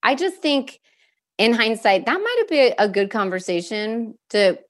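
A woman as a podcast guest, telling a personal story candidly in a halting way, openly emotional and near tears at times. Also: fairly high pitch, sing-song. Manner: halting, with fillers and restarts.

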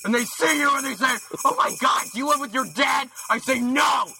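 A man's voice: extremely high pitch, brisk, gravelly, pushed and bright, slightly rough. A man ranting and screaming profane insults in a comedic recorded message. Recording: played back with jingle music.

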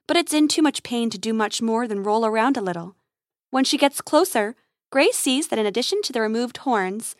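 A woman's voice: fairly high pitch, no room sound, studio quality. Woman reading an adventure story aloud. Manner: lively, expressive read-aloud. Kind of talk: narrating a children's adventure story.

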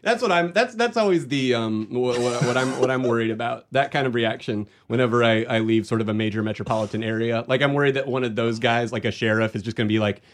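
A man guesting on a comedy podcast, riffing jokes in casual chat. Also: mid-range voice. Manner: quick jokey riffing.

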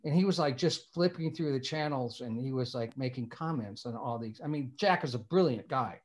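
A man's voice: medium pitch, brisk. An older man from Indiana, a screenwriter telling a long anecdote in an interview, meandering and repeating words as he restarts. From Indiana, USA. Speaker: screenwriter guest.

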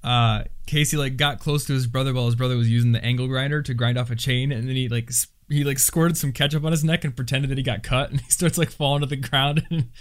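A young man hosting a casual podcast, chatty and quick to laugh, with lots of fillers. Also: medium pitch, fairly even intonation. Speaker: podcast host and YouTuber.

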